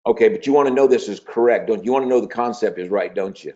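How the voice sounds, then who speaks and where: A man coaching new recruits in a webinar, persuasive and energetic, at times role-playing a conversation. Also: lowish voice, racing. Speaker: sales trainer. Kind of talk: webinar training talk with role-play. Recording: dull lo-fi webinar audio.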